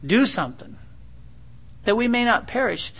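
A preacher acting out a frantic male ship captain who shouts and pleads during a storm. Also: extremely high pitch, very animated, moderate pace, creaky, husky, pitched above the performer's own voice, full character voice. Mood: pleading. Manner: loud, urgent, pleading.

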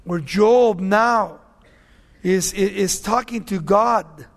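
A man's voice: high-pitched, takes it slowly. A male pastor teaching a sermon verse by verse, talking to his listeners conversationally and often asking "you see?". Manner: conversational preaching, asks "you see?", swings between loud readings and soft asides.

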